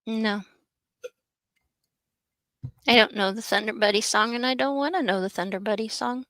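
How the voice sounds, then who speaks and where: A woman from Texas co-hosting a casual morning livestream, relaxed and quick to laugh. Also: fairly high pitch, no echo. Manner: relaxed, laughs easily, short replies. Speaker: livestream co-host.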